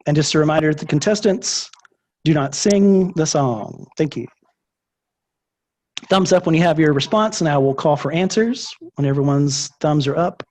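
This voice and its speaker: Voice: mid-range voice, normal speed, a little mellow. A host running a movie trivia game over a video call, chatty and upbeat.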